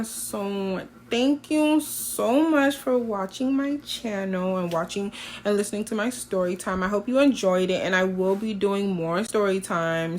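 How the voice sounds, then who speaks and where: A young woman telling a casual storytime to her vlog audience, animated and expressive, often acting out what was said. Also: medium pitch. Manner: animated, expressive, quotes herself and others. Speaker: vlogger. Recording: phone with faint background noise.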